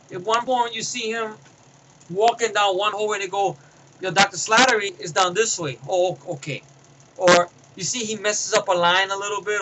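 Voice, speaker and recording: A man's voice: sits high, background noise. A man giving a casual spoken movie review, rambling through scene recaps with fillers and restarts.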